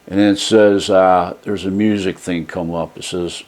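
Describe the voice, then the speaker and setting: Deep-voiced guy doing a home product review, folksy and rambly, just telling his story. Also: steady tone, normal speed, darkish tone. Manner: rambling folksy storytelling, retelling a phone call. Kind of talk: casual spoken product review.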